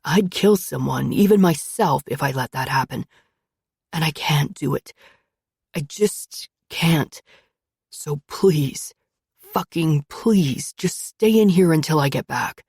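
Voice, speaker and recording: A woman voicing a brooding, possessive young man who talks in a low, gruff mumble. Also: expressive, slow pace, darkish tone, no echo, clean studio sound, full character voice.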